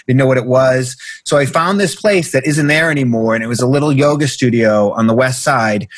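Man from Boston, podcast guest, animated storyteller, casual swearing, dry close sound. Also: medium pitch, brisk, no room sound. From Boston area, USA. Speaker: guest, breathwork coach.

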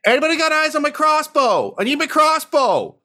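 A man voicing a brash, urgent male adventurer in a tabletop game, shouting in a raised voice. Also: extremely high pitch, very animated, brisk, pitched above the performer's own voice, exaggerated voice. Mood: frantic.

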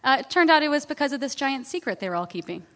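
Woman guest spilling a personal story, laughy and chatty, voice a bit high, long reverb tail. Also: very animated, racing, a bit bright. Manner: chatty, self-deprecating, laughs often. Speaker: interview guest, author.

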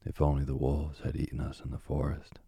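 Young girl in a storybook, scared but clever, very low gravelly tone from a man reading. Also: completely flat delivery, a little fast, mellow, no echo, studio quality, heavily acted. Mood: pleading.

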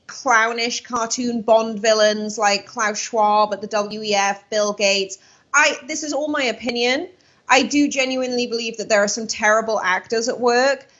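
A woman's voice: fairly high pitch, fairly bright tone. Earnest woman guest on a muffled line. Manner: earnest, rambling with self-corrections. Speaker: guest commentator. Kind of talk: radio interview, opinionated talk.

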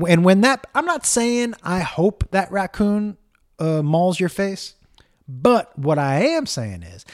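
A middle-aged man hosting a casual comedy podcast, telling stories in an animated way, acting out the people he quotes, swearing often. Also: high-pitched. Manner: animated storytelling, acts out quotes, swears, talks to his dog.

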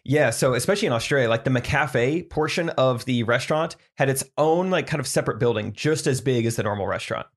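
A young man co-hosting a podcast, chatting casually and making dry, deadpan jokes. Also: medium pitch, fast, few pauses. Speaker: podcast co-host. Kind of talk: casual comedic chat.

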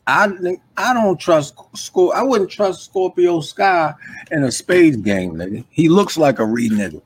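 A man's voice: a little high, lively intonation, unhurried, slightly rough. A man co-hosting a live podcast, ranting bluntly with heavy profanity in casual chat. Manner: blunt, profane, emphatic rants. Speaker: podcast co-host.

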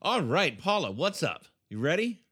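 A man's voice: on the high side, very animated, normal speed, a bit bright, husky. A man hosting a comedy podcast in a dry, wry, playful way. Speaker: host.

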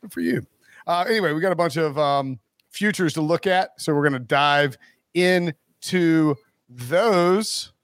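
A man hosting a sports podcast, talking in a loose, rambling way full of fillers and restarts and chuckling often. His voice sits fairly high for a man. The sound is dry and close, with no room around it. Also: unhurried, no echo. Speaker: podcast host. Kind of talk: casual sports podcast chat.

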